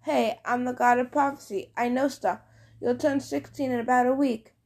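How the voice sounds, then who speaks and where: Woman reading as a laid-back cocky young sun god, joking around, kinda high voice. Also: fairly even intonation, normal speed, darkish tone. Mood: breezy. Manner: easygoing, joking, overconfident. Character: breezy cocksure young male sun god.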